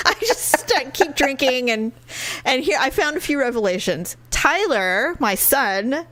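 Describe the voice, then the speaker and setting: A woman's voice: sits high, animated, a little slow, a bit bright, no echo. A middle-aged woman co-hosting a podcast, chatting casually, telling stories with quoted voices and frequent laughter. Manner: chatty storyteller, laughs often, acts out quotes. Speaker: podcast co-host. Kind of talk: casual chat.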